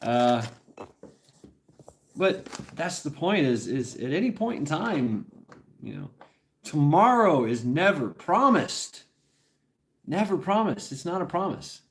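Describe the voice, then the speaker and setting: A man's voice: a little high, sing-song, slow pace, pauses often. A middle-aged man livestreaming in a casual, rambling chat. He laughs often and swears freely.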